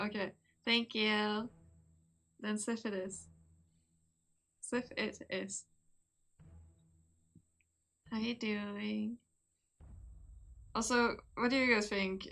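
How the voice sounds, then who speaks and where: A woman's voice: mid-range voice, bright, forceful tone. A young woman streamer, giggly and chatty, reading a story aloud and talking with her viewers. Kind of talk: casual live-stream chat and story reading.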